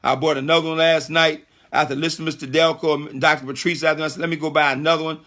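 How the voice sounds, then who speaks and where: A middle-aged man hosting a conference call, giving an emphatic, repetitive, preacher-like motivational sales pitch. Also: flat delivery, rapid-fire, a bit bright.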